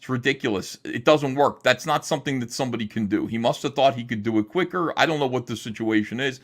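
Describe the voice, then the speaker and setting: A man hosts a livestream, speaking quickly at a medium pitch. He rants and reads chat in a heated, emphatic, profane way.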